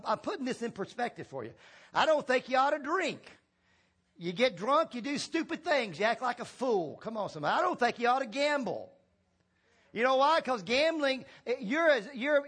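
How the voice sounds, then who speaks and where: A man's voice: very high voice, big pitch swings, normal speed, a bit bright, breathy edge. A male pastor preaching a sermon in a church, calling for responses and repeating key phrases for emphasis, with folksy humor. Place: church sanctuary.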